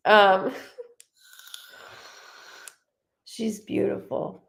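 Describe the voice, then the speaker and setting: A woman's voice: medium pitch, a little slow, creaky. A young woman giving a live reading as a medium, chatting casually and laughing often as she passes on what she hears. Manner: chatty, animated, laughs often, quotes the spirit in a lively voice.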